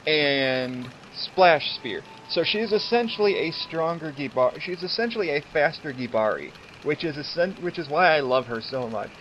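A young man giving casual, excited let's-play commentary, chatty and laughing often. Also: medium pitch, slight background noise. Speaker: game streamer. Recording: slightly dull home mic with game music.

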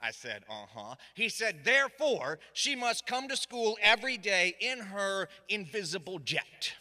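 A middle-aged man tells a comic tale to a live audience. His voice sits high and cuts with a hard, bright edge. A long hall reverb trails each line. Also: measured pace. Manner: animated, shouting quoted lines, dry asides. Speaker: storyteller. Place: stage in a hall.

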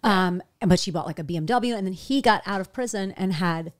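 A woman from New Jersey with a Jersey accent, chatting casually as a podcast guest and swearing freely as she tells stories. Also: medium pitch. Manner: swears freely, quick storytelling.

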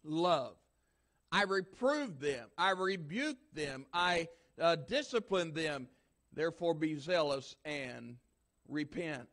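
A man's voice: on the high side, expressive, slow, a bit bright. A man preaching a sermon as pastor, emphatic and repetitive, building force through repeated lines.

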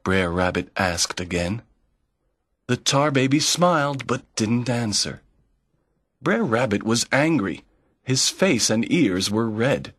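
A man narrating a folk tale slowly and clearly for language learners, in a measured storytelling manner. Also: mid-range voice, animated, a bit bright, no room sound, studio quality. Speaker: narrator of a graded reader. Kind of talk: slow scripted narration for learners.

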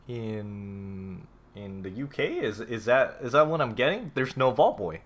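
A man casually commenting on a game as he plays, reading notes aloud, swearing and reacting loudly. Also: medium pitch, lively intonation, unhurried. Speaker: gameplay streamer. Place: home room with a cat.

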